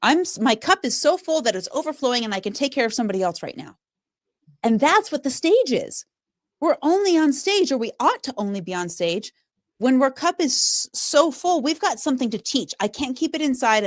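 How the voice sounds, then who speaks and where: A woman's voice: high-pitched, fairly quick, dry recording. Emphatic woman speaker, dry close sound. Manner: emphatic, animated storytelling. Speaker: public speaker and trainer. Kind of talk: conversational podcast interview.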